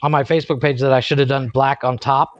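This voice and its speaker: Fast and steady in a mid-range voice, this thirtysomething podcast co-host chats casually, cursing liberally and cracking himself up with his own tales. The recording is dry, muffled and lo-fi, with no room sound.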